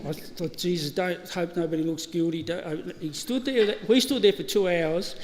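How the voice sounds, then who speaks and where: Speaking at a moderate pace in a high voice, this middle-aged Australian man delivers a storytelling eulogy at a funeral service, full of laughs and restarts. Background noise and hall reverb come through on the live stream.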